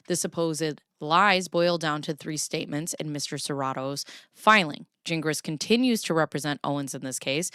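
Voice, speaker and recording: A woman's voice: deep voice, a bit bright, smooth, no echo, studio quality. A woman with a Chicago accent, hosting casual live commentary, reading court filings aloud and breaking off to joke and remark. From Chicago area. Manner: chatty, reads aloud then jokes and remarks. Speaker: commentary host.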